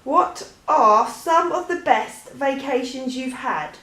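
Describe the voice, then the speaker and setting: A woman's voice: sits high, expressive, takes it slowly, pushed and bright. Chatty woman in an echoey room. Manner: chatty, rambling, hesitant with many restarts. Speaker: vlogger. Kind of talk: casual Q&A chat.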